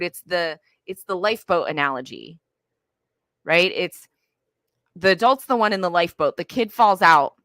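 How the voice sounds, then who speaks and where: A woman's voice: fairly low pitch, expressive, moderate pace, a bit bright, dry recording. A woman giving earnest parenting advice in casual conversation, with many fillers like "um" and "like".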